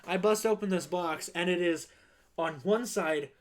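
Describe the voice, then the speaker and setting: A man's voice: high-pitched, unhurried. A young man streaming, telling a long work story casually and acting out the people in it. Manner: animated, acts out quoted people in voices.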